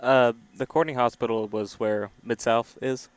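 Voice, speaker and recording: A man's voice: medium pitch, fairly even intonation, moderate pace, smooth, no room sound. Laid-back man sharing local lore. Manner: laid-back, dry, shares local facts. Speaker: co-host and local history guide. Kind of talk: casual conversation. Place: inside a moving car.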